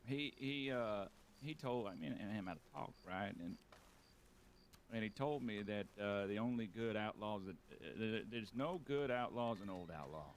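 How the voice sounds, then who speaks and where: A man plays an aging outlaw in a western roleplay game, with a lowish voice. He muses slowly in halting phrases, often restarting. The outlaw is weary and reflective. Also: a little hiss or hum, lightly acted. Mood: uneasy. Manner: halting, many restarts, musing. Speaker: roleplay player.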